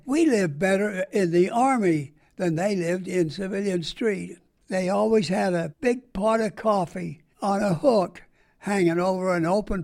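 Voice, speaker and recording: A man's voice: high voice, creaky, darkish tone. An older man, a veteran, recalling his wartime years in a folksy, plain-spoken way for an oral history interview. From United States.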